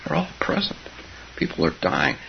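A man in his seventies giving an unhurried, reflective dharma talk, laughing softly and dropping to whispers, in a muffled recording. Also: medium pitch, wildly swooping pitch, creaky, slight background noise. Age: 70s. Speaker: meditation teacher.

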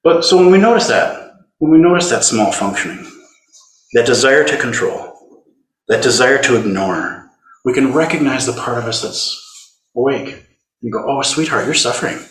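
A man teaching a dharma talk in a conversational, gentle way, turning tender as he speaks to inner suffering. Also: mid-range voice, lively intonation, moderate pace, long pauses. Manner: gentle, conversational, tender when voicing compassion. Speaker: Zen teacher. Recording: roomy hall recording.

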